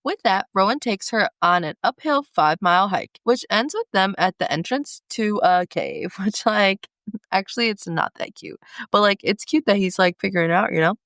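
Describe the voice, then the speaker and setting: A woman's voice: mid-range voice, animated, moderate pace, a bit bright, no echo. A young woman co-hosting a book podcast, recapping chapters with gushing asides and laughing as she gets emotional. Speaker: podcast co-host. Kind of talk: book recap podcast, reading passages aloud.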